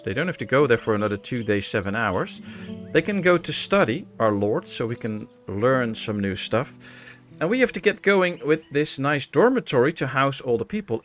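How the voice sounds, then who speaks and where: A man from the Netherlands streaming a colony-building game, chatting casually with his viewers and musing aloud with lots of fillers. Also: medium pitch. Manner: relaxed, musing, thinking aloud with many fillers. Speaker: gaming streamer.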